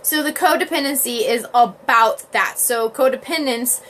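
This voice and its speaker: A woman's voice: a little high, normal speed, slight background noise. Chatty woman live-streaming, laughing often. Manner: acts out quoted parents and babies in lively voices. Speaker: livestream host. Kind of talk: casual livestream talk to viewers.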